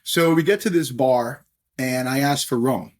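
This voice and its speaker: Speaking unhurriedly at medium pitch, a middle-aged man shares anecdotes as a guest on a podcast. The interview is casual storytelling, delivered chattily, and "if you will" crops up often.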